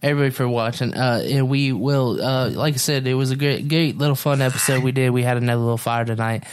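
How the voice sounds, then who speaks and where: A man's voice: medium pitch, fairly even intonation, fast talker, a little hiss or hum. Laid-back male podcast host, filler-heavy. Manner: loose, swearing, filler-heavy sign-off. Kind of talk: casual chat.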